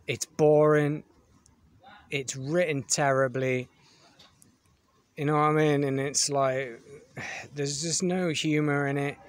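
A man's voice: on the high side, steady tone, takes it slowly, pauses often, no echo. Blunt man ranting a review. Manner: blunt, dismissive, repeats "you know what I mean".

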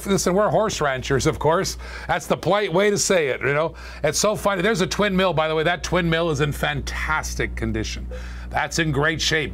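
A man hosting a live-streamed toy car auction, calling bids in quick, chatty patter and joking with viewers. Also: on the high side, fairly bright tone. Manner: chatty, joking, fast auction calls with laughs.

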